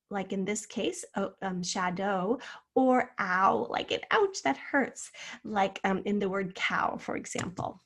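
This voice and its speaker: A woman teaching a recorded spelling lesson to fifth graders, sounding words out syllable by syllable and spelling them letter by letter. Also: mid-range voice. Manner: slow, clear syllable-by-syllable spelling out.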